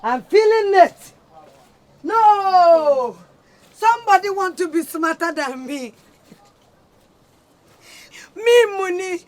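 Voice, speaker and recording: A woman plays a suspicious, melodramatic woman who pays the household bills. She complains loudly and makes a drama of everything. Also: extremely high pitch, expressive, slow pace, long pauses, exaggerated voice. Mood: wailing.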